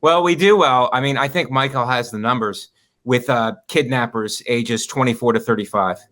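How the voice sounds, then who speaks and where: A man's voice: medium pitch, normal speed, a bit bright. A man co-hosting a comedy podcast, riffing playfully and slipping into mock-stern bits. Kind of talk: casual comedy podcast banter.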